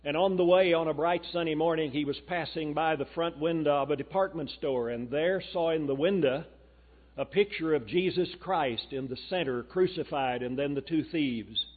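A male guest preacher delivers a sermon, telling a story in a folksy way and reading quotations aloud. His voice sits a little high. The sound is thin and boxy, like a phone line. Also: normal speed. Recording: tinny phone-like recording.

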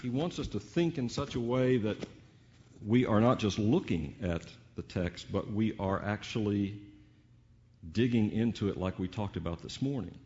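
A man preaching a sermon in a teacherly way, slowing down on key words and asking rhetorical questions. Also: on the low side, expressive, darkish tone, muffled recording. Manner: teacherly, varied emphasis with drawn-out pauses and rhetorical questions.

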